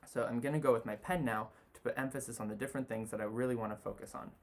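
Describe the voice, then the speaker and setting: Man, design tutor, sketching demo, relaxed, chatty fillers, mid-pitched voice. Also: rapid-fire. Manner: relaxed, talks while drawing, many "you know" fillers. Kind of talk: sketching demonstration.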